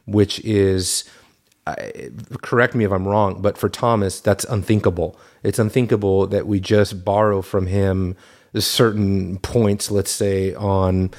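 Male host, low-pitched, thoughtful and hesitant, heavy on fillers. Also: flat delivery, measured pace, a little mellow. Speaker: podcast host. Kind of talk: casual conversation.

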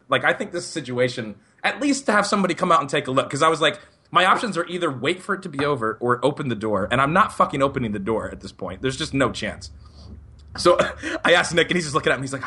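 Animated man telling a story. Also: medium pitch, quick pace. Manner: animated, laughing often while telling a story. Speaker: podcast co-host. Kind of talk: casual storytelling.

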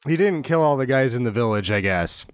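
A man's voice: mid-range voice, expressive, brisk, clean tone, dry recording. Laid-back dry-witted male co-host. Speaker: podcast co-host. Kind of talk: casual movie riffing.

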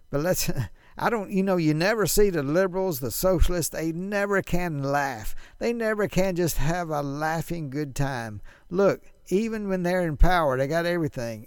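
A man's voice: on the high side, normal speed, clean tone, no echo, clean studio sound. A man hosting a talk show, chatting casually and fervently with frequent laughs. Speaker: radio talk show host.

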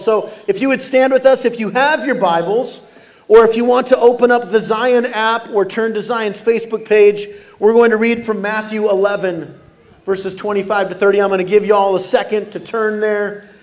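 A man preaching a sermon as pastor, animated and calling out questions to the congregation. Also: sits high, moderate pace. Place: church sanctuary.

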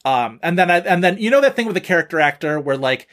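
A man co-hosting a casual film chat who meanders through his thoughts, padding them with filler words. His voice sits a little high for a man. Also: expressive, fast talker, fairly bright tone. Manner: rambling, lots of filler words. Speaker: podcast co-host.

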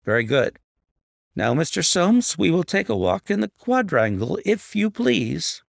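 A man reading an audiobook, voicing a sharp, brisk male detective who asks crisp, commanding questions. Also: sits high, sing-song, voice pushed up, heavily acted.

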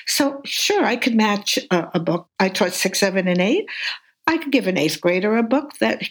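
A woman's voice: mid-range voice, lively intonation, normal speed, husky. An older woman, a veteran reading teacher, talking enthusiastically in an interview and telling classroom stories with animation. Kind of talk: conversational interview.

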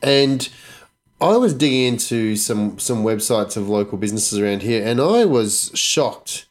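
A man with a somewhat low voice co-hosts a casual podcast. He talks through his thoughts in an easygoing, conversational way. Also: measured pace. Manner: brief reactions, then relaxed explaining. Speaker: podcast co-host. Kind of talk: casual chat.

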